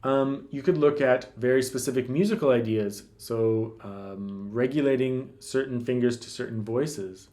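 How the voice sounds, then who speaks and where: A man teaching classical guitar in a relaxed, casual way, thinking aloud with lots of fillers and restarts. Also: mid-range voice, measured pace, hardly any pauses. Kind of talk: casual instructional talk.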